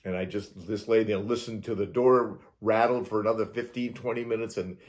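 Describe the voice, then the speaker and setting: Guest, male, lowish voice, animated storyteller who acts out sounds and restarts sentences. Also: a little fast. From Utah. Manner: acts out sounds and quoted lines, often restarts. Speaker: interview guest.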